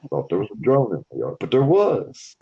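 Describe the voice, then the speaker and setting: A man tells rambling, profane stories on a live stream. His voice sits on the low side. The audio is muffled and lo-fi. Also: moderate pace, creaky, husky. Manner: profane, animated storytelling. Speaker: stream host. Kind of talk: casual storytelling chat.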